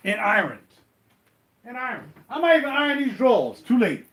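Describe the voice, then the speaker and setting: A man's voice: very high voice, wildly swooping pitch, quick pace, fairly bright tone. A middle-aged man, rambling in casual live-stream chat straight to his viewers while ironing. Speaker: vlogger.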